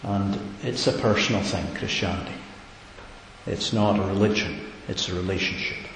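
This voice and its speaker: Guy giving a sermon, lowish voice, gets emphatic with his questions, big echoey hall. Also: fairly even intonation, normal speed, fairly bright tone. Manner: earnest, rising to emphatic repeated questions. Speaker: preacher. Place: church hall. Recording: echoey hall with faint hiss.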